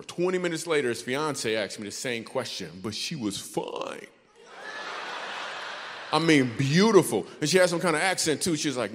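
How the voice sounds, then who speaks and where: A man's voice: fairly high pitch, animated, normal speed. A man from Michigan doing stand-up comedy, telling a story with playful asides to the crowd. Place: large theater stage. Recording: hall reverb on a theater stage.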